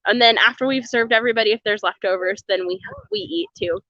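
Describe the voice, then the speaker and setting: A chatty woman livestreaming from a meal kitchen, reading comments aloud and rambling with frequent laughter. Her voice sits a bit high and comes across bright and forward. The stream audio is dull and lo-fi. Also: lively intonation, fast, no room sound. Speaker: homesteading vlogger on a livestream.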